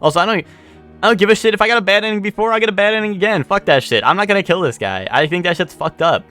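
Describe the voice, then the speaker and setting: A man's voice: high-pitched, lively intonation, very fast, bright, forceful tone, faint music behind. A man streaming a video game, rambling in casual commentary, swearing often and repeating himself.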